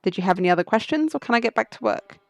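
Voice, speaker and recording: A woman's voice: fairly high pitch, animated, rapid-fire, creaky, dry recording. A woman voicing a haughty, irritable male clerk with a snide, condescending manner.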